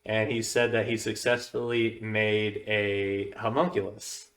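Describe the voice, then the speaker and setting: A man's voice: lowish voice, completely flat delivery, a little slow, a bit bright. A man hosting a podcast in casual chat, meandering through a news story in a laid-back way. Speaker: podcast host.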